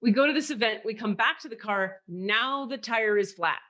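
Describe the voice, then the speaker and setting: Animated woman telling a story. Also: fairly high pitch, moderate pace. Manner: animated storyteller, acts out quoted voices. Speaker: podcast co-host. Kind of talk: casual chat.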